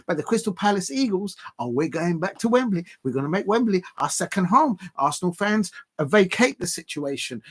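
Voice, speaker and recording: Excitable man ranting. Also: high-pitched. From South London. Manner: excitable, repetitive, keeps repeating phrases; rambling with many fillers. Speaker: livestream host and football fan. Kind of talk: casual watch-along livestream rant.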